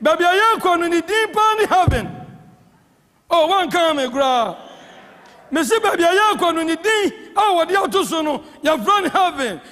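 A man with a Ghanaian accent preaching a sermon as presiding elder, swinging between impassioned shouts and hushed tones. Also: very high voice, lively intonation, normal speed. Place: church hall. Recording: church hall with long reverb.

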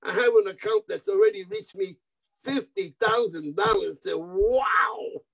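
An older man from New York, an interview guest telling animated stories, repeating words, mixing in Spanish phrases and acting out the voices of people he quotes. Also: high-pitched, moderate pace, vocal fry, breathy edge, rough recording. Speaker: guest musician. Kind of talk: anecdotal interview storytelling.

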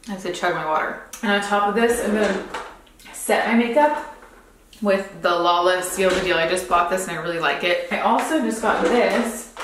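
A woman's voice: on the low side, fairly bright tone, slight background noise. A young woman, a beauty vlogger, chatting casually through a makeup routine, rambling with lots of "like" and "um". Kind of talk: casual makeup tutorial chat. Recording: roomy echo.

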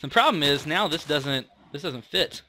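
Chatty young man, bright, lively voice. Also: on the high side, normal speed, slight background noise. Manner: rambling, chatty, self-mocking. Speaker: gaming video host. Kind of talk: casual let's-play commentary.

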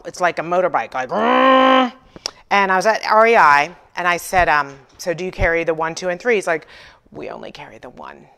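A woman's voice: lowish voice, fairly bright tone. A woman hosting a furniture painting livestream, chatting with viewers and telling stories with acted-out dialogue and self-deprecating humor. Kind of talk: casual livestream chat.

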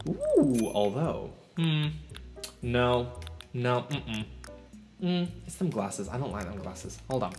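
Chatty man with lively game commentary. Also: medium pitch. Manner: chatty, animated, talks to himself. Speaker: let's play host. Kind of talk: let's play commentary. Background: game music.

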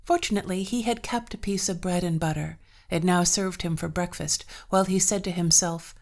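A woman storyteller reading a folktale aloud in a measured, expressive way. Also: on the low side. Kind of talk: scripted narration of a folktale.

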